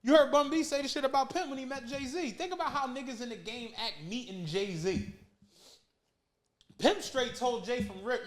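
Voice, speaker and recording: A man's voice: very high-pitched, moderate pace. A man co-hosting a podcast, chatting in a laid-back, profane way and putting on the voices of people in his stories. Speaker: podcast co-host. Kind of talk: casual chat.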